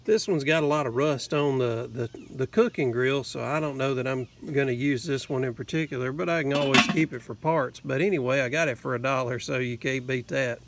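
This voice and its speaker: A man's voice: medium pitch, fairly quick, hardly any pauses, a little hiss or hum. A man with a Southern US accent telling a rambling, casual story in his vlog, with lots of fillers and "anyway.". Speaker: vlogger.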